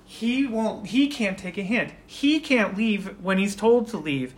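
A worn-out young vampire man, quiet and discouraged, as a game master puts him on. He speaks softly and sounds tired of repeating himself. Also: medium pitch, lively intonation, unhurried, pitched above the performer's own voice, close to an everyday voice. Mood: weary.

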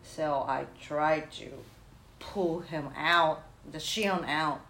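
Slow, hesitant woman playing a tabletop game. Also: sits low, fairly even intonation, fairly bright tone, echoey room. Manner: hesitant, searching for words. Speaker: player. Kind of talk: tabletop role-play, casual.

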